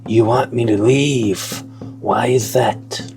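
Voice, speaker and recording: A man voicing a sullen dark inner being in a game, asking low, probing questions. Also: steady tone, slow pace, vocal fry, soft background music.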